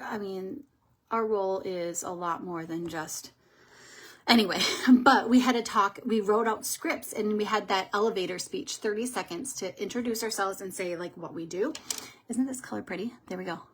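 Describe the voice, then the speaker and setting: A woman chatting casually on a livestream as she does her makeup, telling rambling stories as she goes. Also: mid-range voice. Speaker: makeup artist and livestream host. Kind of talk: casual livestream chat while doing makeup.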